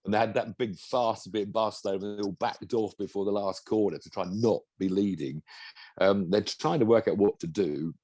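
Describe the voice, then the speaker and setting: A man's voice: lowish voice, brisk, a little mellow, no echo. A man, a former racing driver, co-hosting a casual motorsport chat, enthusiastic and rambling, full of restarts. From England.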